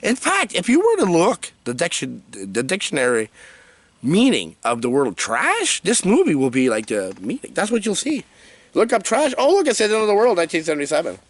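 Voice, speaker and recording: A man giving a comedic, rambling movie review rant in an animated, jokey way. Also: fairly high pitch, moderate pace, no room sound.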